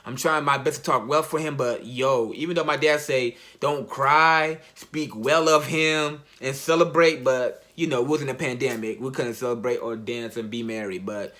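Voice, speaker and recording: Bright-voiced young man, casual slang. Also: mid-range voice, fairly even intonation. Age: young adult. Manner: casual, slang-heavy, halting retelling. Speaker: college athlete. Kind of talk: personal storytelling.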